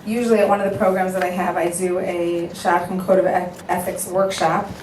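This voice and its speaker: A woman's voice: lowish voice, fairly quick. A woman addresses an audience with earnest conviction, slipping into other people's voices as she retells phone calls. She sounds slightly far from the mic, in an echoey room with a faint hum behind her. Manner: earnest, animated storytelling, acting out both sides of phone calls. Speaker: matchmaker giving a talk. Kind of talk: speech to an audience.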